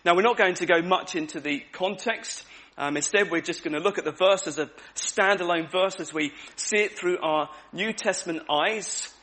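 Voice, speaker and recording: A man's voice: high voice, moderate pace, bright, forceful tone. A man preaching an evening sermon in a conversational way, repeating key words for emphasis.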